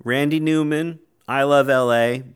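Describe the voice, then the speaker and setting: A man's voice: mid-range voice, fairly even intonation, a little slow. A man co-hosting a casual podcast who gives short, dry verdicts and then explains at length with fillers. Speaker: podcast co-host.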